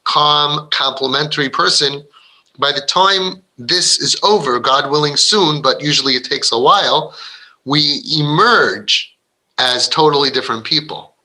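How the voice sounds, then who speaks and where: Man, parenting speaker, inspirational talk, earnest, rambling, somewhat high voice. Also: moderate pace, pushed and bright, poor audio. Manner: earnest, rambling, with frequent restarts; acts out quoted voices of kids and parents.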